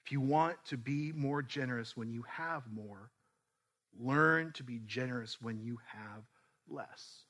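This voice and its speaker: A man preaching in a church, his voice bright and forceful. He tells the story in a relaxed, conversational way, often stopping and restarting his sentences before landing a point. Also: mid-range voice, unhurried. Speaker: pastor. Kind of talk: storytelling sermon.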